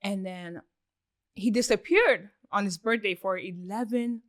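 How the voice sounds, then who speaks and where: Telling a story as a podcast guest, a woman rambles casually, swearing a lot, using many fillers, and acting out quotes with animation. She speaks unhurriedly at a medium pitch, and the studio-quality recording is dry.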